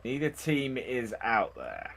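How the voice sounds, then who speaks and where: Animated slow-talking male esports commentator. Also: medium pitch, vocal fry, slight background noise. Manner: animated, laughs often, drawn-out phrasing.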